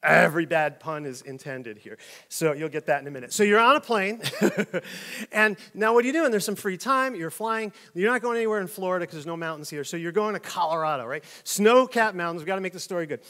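Male pastor, middle-aged, high-pitched, animated, comic storyteller. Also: fairly quick. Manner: animated storytelling with jokes and acted-out voices. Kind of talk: conversational sermon.

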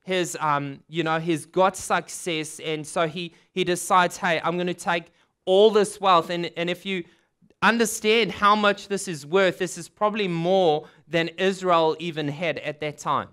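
A male preacher with a high, clear, smooth voice, telling a Bible story in a loose, conversational way. He slips into the figures' lines as he goes. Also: steady tone, unhurried, sharp tone. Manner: retells the story casually, acting out quoted figures. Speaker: pastor. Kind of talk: sermon.

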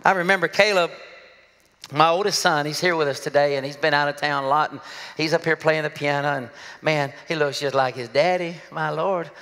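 A middle-aged pastor preaching a sermon, joking and laughing often with self-deprecating asides. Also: male voice, a little high, fairly even intonation, a little fast, bright, forceful tone, in a large hall. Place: church sanctuary.

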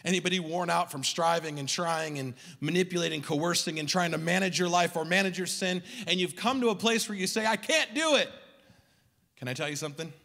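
Male pastor, high voice, rhythmic sermon, long church-hall reverb. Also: fairly quick, creaky. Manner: rhythmic preaching, swings from loud to hushed. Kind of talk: Christmas Eve sermon. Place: church sanctuary.

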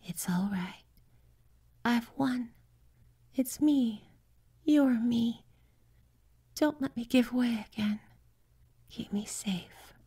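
Woman voicing a frail dying young woman, tender breathy whisper, high and soft, slow. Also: full character voice.

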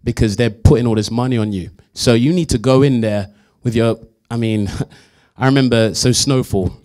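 A young adult man, a guest actor at a Q&A, telling animated stories and acting out quotes with laughs. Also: medium pitch, normal speed. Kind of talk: anecdotal storytelling at a Q&A.

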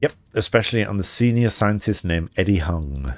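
A man voicing a weary male raccoon private eye in a low-key, tired manner. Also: animated, moderate pace, dry recording, lightly acted.

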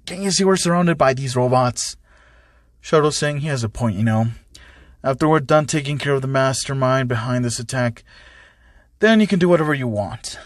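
A man's voice: no echo, clean studio sound. A man narrating a fan story, reading every character's lines in the same voice. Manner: reads every part himself, shifting pitch for each character.

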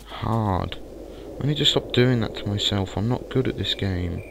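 A man commentating a game let's play, excitable and muttering curses at the game. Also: lowish voice, normal speed, gravelly, background noise. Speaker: gaming channel host.

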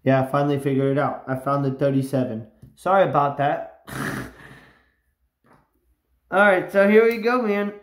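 A man filming himself scratching lottery tickets, bursting into loud repeated exclamations and catchphrases. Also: a little high, moderate pace, pauses often. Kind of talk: live reaction while scratching tickets. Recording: roomy echo.

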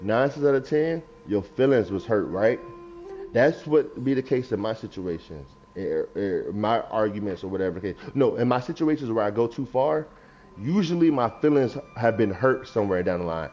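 Animated man riffing on a livestream. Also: fairly low pitch, normal speed, faint music behind. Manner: animated, preachy riffing on feelings, reads chat aloud. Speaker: gaming streamer. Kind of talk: casual livestream talk. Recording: lo-fi stream mic.

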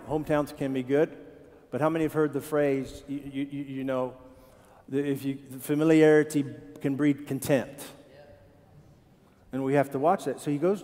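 A pastor preaching a sermon, animated and quizzing his congregation with questions. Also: a little high. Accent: Ohio. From Tennessee. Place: church sanctuary. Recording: church hall with long reverb.

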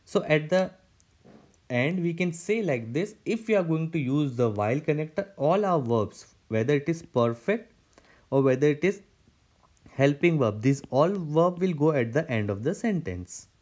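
A man's voice: on the high side, expressive, normal speed, darkish tone. Man explaining grammar step by step. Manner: repetitive, step-by-step, frequent restarts and "okay, so". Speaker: German language teacher.

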